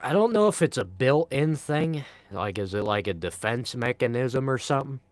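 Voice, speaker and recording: A man's voice: medium pitch, expressive, moderate pace, no echo. A young man live streaming, chatting casually and answering viewer comments in a laid-back, rambling way with frequent sighs.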